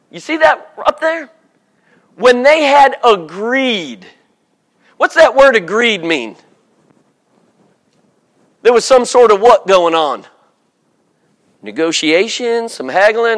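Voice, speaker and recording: Male preacher, high voice, jokey storyteller, sermon in church. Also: big pitch swings, takes it slowly, long pauses, a bit bright. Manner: humorous, storytelling, acts out voices.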